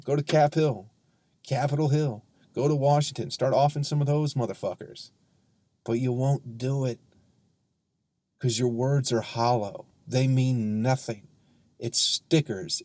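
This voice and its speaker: A man, a comedian hosting his own podcast, ranting heatedly and sarcastically with lots of profanity and drawn-out emphasis. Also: mid-range voice, dark tone, no room sound. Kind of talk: ranting solo podcast monologue.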